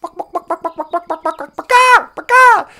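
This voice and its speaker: Shrill, clucking, furious farmyard hen. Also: female voice, expressive, a little slow, soft background music, heavily acted. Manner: squawking clucks, shrill yelling. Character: loud angry hen scolding a fox.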